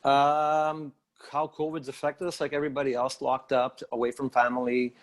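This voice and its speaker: A man with a Canadian accent, a songwriter guest telling his story in a steady, matter-of-fact way. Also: medium pitch, moderate pace. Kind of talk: casual interview chat.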